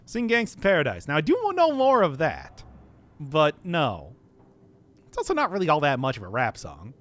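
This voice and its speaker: Lively high-voiced male streamer. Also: normal speed. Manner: playful, laughs often, banters with chat. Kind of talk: casual live-stream chat.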